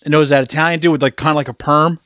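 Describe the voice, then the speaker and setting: Male podcast co-host with a slightly high voice, loose and profane, acting out film quotes. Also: racing, no room sound, clean studio sound. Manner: animated storytelling, swearing, acting out movie lines. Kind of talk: casual chat.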